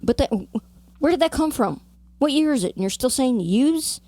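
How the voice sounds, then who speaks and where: A woman's voice: high-pitched, lively intonation, a little fast, dark tone, dry recording. A woman from New Jersey co-hosting a podcast, chatting casually and rambling off on tangents with lots of "like". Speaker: podcast co-host. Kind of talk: casual chat.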